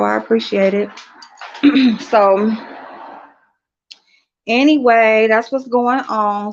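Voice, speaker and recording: Woman, 40s, casual livestream chat, laughing, swearing, slightly muffled audio. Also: mid-range voice. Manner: chatty, laughs often, uses curse words. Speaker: livestream host. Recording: slightly dull lo-fi stream audio.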